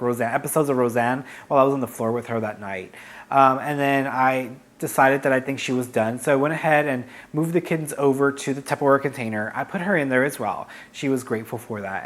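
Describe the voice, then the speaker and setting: A man at an ordinary middle pitch tells a personal story in a relaxed vlog style. He talks frankly and chattily, often stopping to add fillers or correct himself mid-sentence. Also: quick pace. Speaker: vlogger, psychic medium. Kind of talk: casual storytelling.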